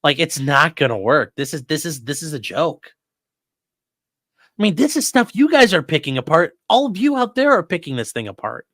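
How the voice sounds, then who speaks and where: A man's voice: fairly high pitch, sing-song, moderate pace, a bit bright, dry recording, clean studio sound. A man hosting live legal commentary, talking bluntly and with lots of swearing. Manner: blunt, profane, exasperated. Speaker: lawyer and commentary host.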